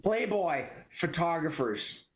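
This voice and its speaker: A man's voice: fairly high pitch, expressive, slow pace. A man hosting an online improv comedy show, announcing games and scene prompts in a jokey way. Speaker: improv game host.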